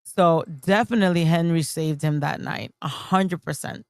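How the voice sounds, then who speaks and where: A woman's voice: low-pitched, moderate pace, smooth, no echo, clean studio sound. A woman hosting a livestream, talking casually and emotionally, swearing often and rambling. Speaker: streamer host.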